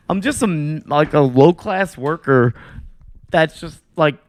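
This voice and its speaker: A man's voice: on the high side, animated, slow pace. A man in his thirties, co-hosting a podcast, telling a rambling story in casual chat with lots of swearing. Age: 30s. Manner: rambling, swears a lot, acts out voices in anecdotes. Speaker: podcast co-host.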